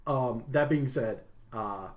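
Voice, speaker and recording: A man playing in a tabletop game, chatting casually in an animated way. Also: mid-range voice, slow pace. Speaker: player.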